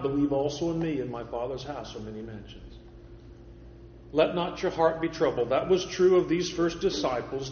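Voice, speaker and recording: Male preacher, slightly high voice, measured repetitive sermon delivery, reverberant church hall, dull lo-fi recording. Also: darkish tone, slight background noise. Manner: measured preaching, repeats phrases for emphasis. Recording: echoey hall, dull lo-fi sound.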